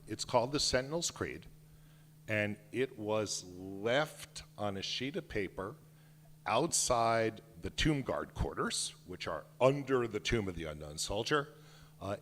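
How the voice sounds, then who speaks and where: A man in his sixties, a children's book author, giving an animated talk and reading his picture book aloud with emphasis. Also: lowish voice, slight background noise. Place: synagogue hall. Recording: echoey hall reverb.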